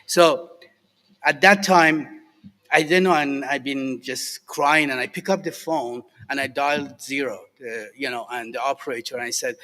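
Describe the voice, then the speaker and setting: A middle-aged man from Iran with a Persian accent, sharing his recovery story to a group, halting and earnest with many fillers and restarts. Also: medium pitch, pushed and bright. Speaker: recovery alumni speaker. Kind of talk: personal recovery share to a group. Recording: echoey hall with long reverb.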